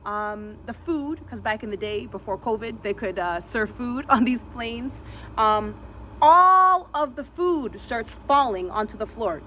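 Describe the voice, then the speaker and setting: A woman vlogger telling a dramatic personal story vividly, re-enacting sounds and dropping to a hush at tense moments. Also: fairly high pitch, expressive, a little slow, a little hiss or hum.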